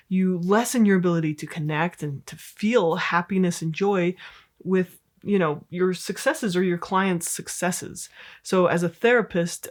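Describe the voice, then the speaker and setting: Chatty woman therapist, slightly low voice. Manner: candid, chatty, many "like" and "you know" fillers. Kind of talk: casual educational monologue.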